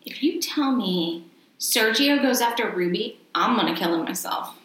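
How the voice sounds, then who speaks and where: A woman's voice: on the high side, lively intonation, normal speed, fairly bright tone, heavy reverb, poor audio. A woman with a Texan accent, co-hosting a podcast in casual chat, reacting dramatically and joking. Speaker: podcast co-host.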